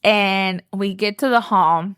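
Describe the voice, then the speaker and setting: A young woman from Texas tells a story on her podcast, gushing and full of "like". Her voice sits at a middle pitch. The close mic gives a dry sound no room in it. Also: slow pace, fairly bright tone, clean tone, dry recording. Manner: chatty, gushing, says "like" often. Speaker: podcast host. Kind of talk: casual storytelling.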